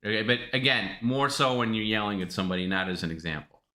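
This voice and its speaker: A man pushes the host again and again, coaxing him in casual live-stream banter. His voice is bright and edged. The room around him is echoey. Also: on the low side, lively intonation, fast. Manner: insistent, coaxing, repeats himself.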